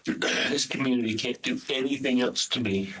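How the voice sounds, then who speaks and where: A man's voice: mid-range voice, moderate pace, pushed and bright, slightly rough, low-quality recording. A man pleading urgently with his son during a police interview, repeating himself as he presses him. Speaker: father.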